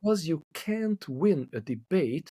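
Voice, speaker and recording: A Hungarian man who speaks English as a second language talks thoughtfully as a couple therapist in a podcast interview, repeating words while he searches for them. His voice is fairly high, very animated, a little slow, dark, and slightly rough, with no echo.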